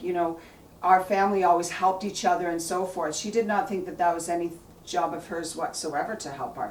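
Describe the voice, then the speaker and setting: A woman's voice: lowish voice, distant mic, slight background noise. Earnest woman telling a story in an echoey room. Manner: earnest, faith-filled, rambling with many restarts. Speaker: blogger telling a family story. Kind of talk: personal storytelling monologue. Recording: echoey room, voice a bit off-mic.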